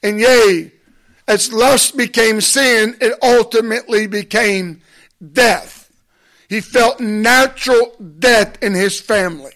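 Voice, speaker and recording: A man preaching a sermon in a measured, emphatic way, pausing deliberately and building into impassioned exhortation. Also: extremely high pitch, bright, forceful tone.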